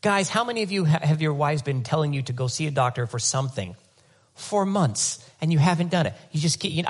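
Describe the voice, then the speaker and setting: A male pastor preaching a conversational, animated sermon with comic asides, often repeating words as he rethinks his sentences. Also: fairly high pitch, a little fast.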